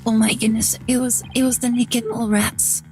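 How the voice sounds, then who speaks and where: A woman's voice: on the high side, flat delivery, normal speed, darkish tone, soft background music. A woman streamer giving casual, giggly commentary over a game, exclaiming and tripping over words.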